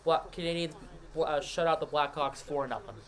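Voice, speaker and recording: Man calling hockey play-by-play, high voice. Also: steady tone, a crowd in the background. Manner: rapid, running call of each pass and shot, with asides to chat. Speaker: play-by-play commentator and stream host. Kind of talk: live hockey play-by-play over a scoreboard stream.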